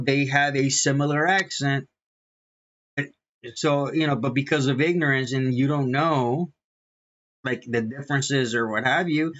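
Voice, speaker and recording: A man's voice: medium pitch, fairly bright tone. Rambling earnest American man, lo-fi. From United States. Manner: repetitive, restarts often, earnest. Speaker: vlogger and minister. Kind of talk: rambling casual monologue. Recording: dull lo-fi sound.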